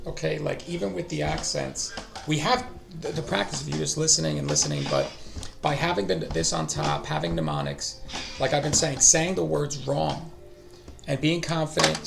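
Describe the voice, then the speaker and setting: A man's voice: on the high side, creaky. A middle-aged man hosting a language-learning stream, talking casually and thinking aloud, often trailing off and restarting. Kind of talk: casual live-stream talk.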